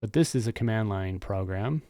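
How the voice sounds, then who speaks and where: A man's voice: fairly low pitch, expressive, normal speed, dark tone, no echo, clean studio sound. A man live-streaming his coding work, talking casually and thinking aloud with muttered asides. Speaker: streamer and game developer.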